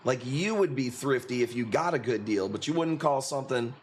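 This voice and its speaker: A man's voice: mid-range voice, expressive, a little fast, a little hiss or hum. Laid-back Chicago guy hosting a stream. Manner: laid-back, profane, laughing often. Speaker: livestream host selling corals. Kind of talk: casual livestream chat.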